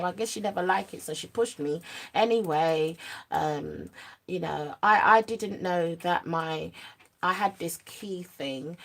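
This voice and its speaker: A young woman tells a true story straight to camera, her voice sitting fairly low. She talks in animated street slang, drops to a murmur at the serious moments and gets lively when she acts things out. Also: measured pace. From United Kingdom. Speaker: vlogger. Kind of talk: storytime monologue.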